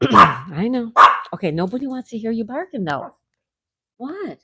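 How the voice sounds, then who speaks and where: A woman hosting a casual live chat, greeting viewers by name and gently scolding her dog, with a sore throat coming on. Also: on the high side, big pitch swings, measured pace, heavy background noise. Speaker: livestream host.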